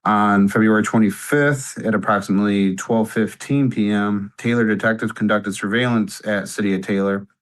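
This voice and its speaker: A man's voice: lowish voice, steady tone, moderate pace, hardly any pauses, low-quality recording. A man serving as a police detective, giving sworn testimony and reading out facts in a procedural way.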